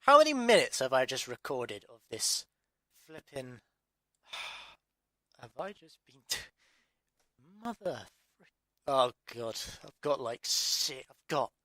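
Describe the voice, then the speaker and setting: A man's voice: mid-range voice, animated, takes it slowly, long pauses, bright, forceful tone, no room sound. An English man reading story narration, redoing lines and muttering in exasperation between takes. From England. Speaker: audiobook narrator.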